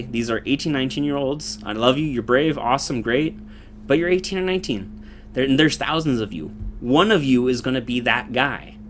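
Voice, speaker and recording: A man's voice: mid-range voice, fairly bright tone, a little hiss or hum. A young man in a casual, profane political rant, rambling with lots of fillers and laughing between points. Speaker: commentator.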